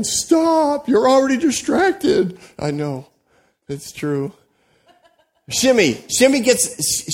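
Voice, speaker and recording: Guy with a high voice preaching, tells the story animated, lots of restarts and little asides. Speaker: pastor. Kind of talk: sermon.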